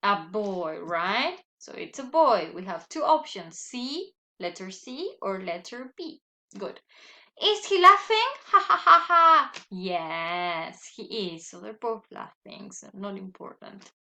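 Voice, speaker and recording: A woman's voice: mid-range voice, expressive, slow, sharp tone. A woman teaching a recorded lesson for children, patient, repeating and asking her pupils questions.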